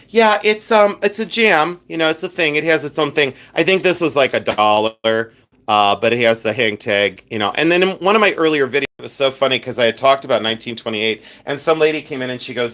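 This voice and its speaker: A man hosting a casual live stream, chatty and animated, showing his flea market jewelry finds and talking to the chat. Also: medium pitch. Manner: chatty, animated, many fillers and asides to chat; clears throat often. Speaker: livestream host selling flea market finds.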